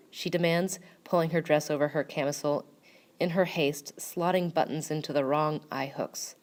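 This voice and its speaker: A woman reading a first-person story aloud in a measured, wry way. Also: sits low, fairly even intonation. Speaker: narrator.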